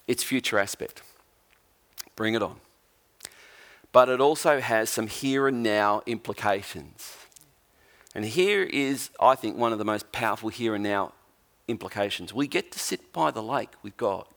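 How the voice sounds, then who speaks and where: Animated male preacher telling a story. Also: lowish voice, a little slow, creaky. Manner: animated storyteller, acts out quotes. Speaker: pastor. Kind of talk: sermon.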